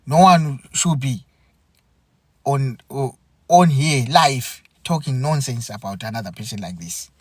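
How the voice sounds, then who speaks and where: A man from Zimbabwe hosting a podcast, speaking an earnest, aggrieved monologue full of repeated phrases and halting restarts. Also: mid-range voice, slightly rough, no echo, studio quality. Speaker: podcast host. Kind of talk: impassioned spoken monologue.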